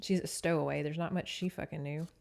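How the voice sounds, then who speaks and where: A woman podcast host recapping a romance novel in a chatty, profane, animated way. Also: sits low, fast, gravelly. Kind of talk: casual book recap.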